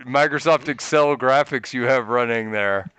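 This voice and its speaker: A man's voice: mid-range voice, normal speed, a bit bright, clear, resonant tone, dry recording. A man co-hosting a casual gaming podcast, joking sarcastically and swearing freely. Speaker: podcast co-host, quiz contestant. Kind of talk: casual chat.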